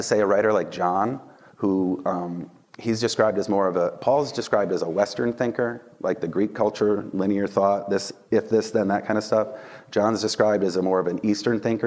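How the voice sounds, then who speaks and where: A man with a low voice preaches in a relaxed, conversational way, like a teacher talking to his class. He is animated and keeps checking in with his listeners. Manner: conversational, animated, asks "right?" and "okay?" often. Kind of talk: casual sermon.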